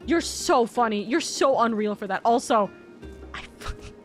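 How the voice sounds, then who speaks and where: High-voiced excitable woman streamer. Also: normal speed, faint music behind. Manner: excitable, profane, laughs often. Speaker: game streamer. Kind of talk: casual live-stream chatter.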